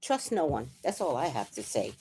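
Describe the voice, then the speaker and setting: Lively, sarcastic woman ranting on a livestream. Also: very deep voice, normal speed, slight background noise. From New York City. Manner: animated, sarcastic ranting with frequent laughs. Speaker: livestream host. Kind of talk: casual livestream chat.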